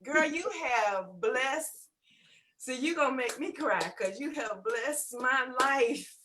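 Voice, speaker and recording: A middle-aged woman giving a loud, laughing testimonial on a video call, with preacher-like exclamations. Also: sits high, lively intonation, slow pace, a little hiss or hum. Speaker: webinar testimonial guest. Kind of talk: exuberant testimonial.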